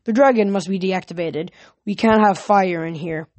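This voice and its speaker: A woman's voice: mid-range voice, normal speed, darkish tone, dry recording, lightly acted. A woman reading the part of a vain, bossy winged guard who serves the north wind, speaking in a haughty, commanding way.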